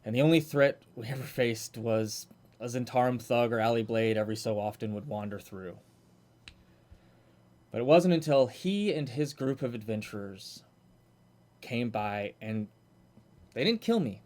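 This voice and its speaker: A man's voice: medium pitch, animated, normal speed, long pauses, a little mellow, close to an everyday voice. A man voicing an earnest male warforged automaton guard who tells his story in a plain-spoken way.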